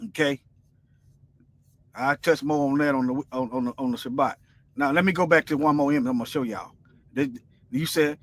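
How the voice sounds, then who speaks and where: A man's voice: high voice, fairly bright tone. A man giving informal Bible teaching on a livestream, talking in a colloquial, rambling and emphatic way while he reads viewer comments.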